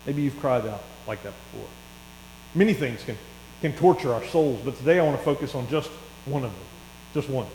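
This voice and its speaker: A middle-aged man preaching a sermon in a church, chatty and telling stories that swell into excited bursts. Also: medium pitch, normal speed, pauses often. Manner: conversational, rising to excited storytelling. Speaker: pastor. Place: church hall. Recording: echoey hall with faint mains hum.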